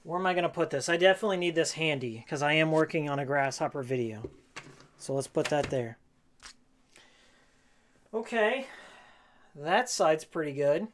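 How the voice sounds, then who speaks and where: Hoarse, rambling male streamer. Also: fairly high pitch, expressive, normal speed, pauses often. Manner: rambling, jokey, repeats his own phrases. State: hoarse, losing his voice. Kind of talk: casual live-stream chat while cleaning. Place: game room at home, indoors.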